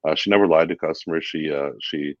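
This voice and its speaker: A man talking as a guest in a casual interview, relaxed and chatty with many fillers. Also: very deep voice, fast, no echo, dull audio. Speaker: guest, VP of sales.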